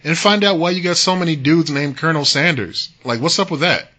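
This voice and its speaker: A man's voice: fairly high pitch, fairly quick, pushed and bright. A man co-hosting a podcast, reading out news stories in casual chat and laughing between jokey asides. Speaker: podcast co-host.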